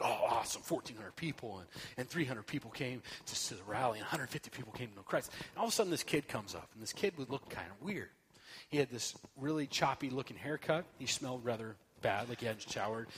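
A man giving a sermon as a guest speaker, telling a story in an animated, joking way that swings from loud to soft. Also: mid-range voice, big-room sound, a little hiss or hum.

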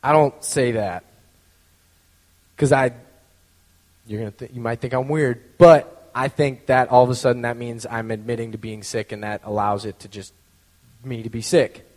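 A man's voice: medium pitch, fairly even intonation, moderate pace, pauses often, darkish tone, long reverb tail. A man telling a personal story in a casual, conversational way, full of fillers and acted-out quotes. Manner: acts out quoted voices.

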